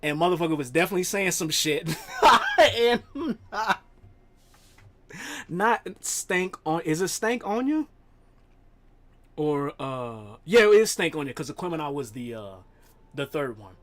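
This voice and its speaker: A man streaming live, chatting casually with his viewers, profane and animated, rambling and laughing as he talks. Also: on the high side, measured pace, pauses often.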